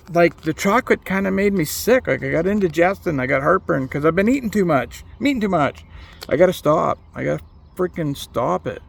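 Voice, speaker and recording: A man's voice: a little high, creaky, breathy edge. A man talking in a casual vlog monologue, candid and self-critical, swearing freely and filling his talk with "like". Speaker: vlogger and competitive archer.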